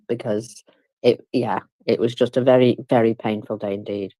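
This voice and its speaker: A woman's voice: rumbling low, steady tone, moderate pace, dark tone, no echo. A woman speaking in an online chat room, indignant and outspoken with a wry edge. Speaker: participant in a live audio chat space. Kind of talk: heated casual chat.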